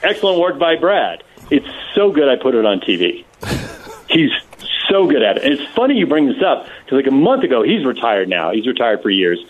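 Animated man telling a story by phone. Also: medium pitch, normal speed. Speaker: radio show guest on phone. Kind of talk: casual storytelling. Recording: tinny phone line.

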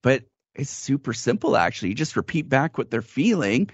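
A young man, father of small children, explaining a practical tip in a relaxed casual chat. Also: medium pitch, a little fast, slightly rough, dry recording, highs cut off.

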